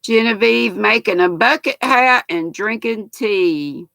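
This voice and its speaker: A woman's voice: on the high side, slow pace, vocal fry, fairly bright tone, dry recording. An older woman with a North Carolina accent, hosting a livestream in a chatty, folksy way and reading viewer comments aloud. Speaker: livestream host reading chat. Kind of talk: casual chat.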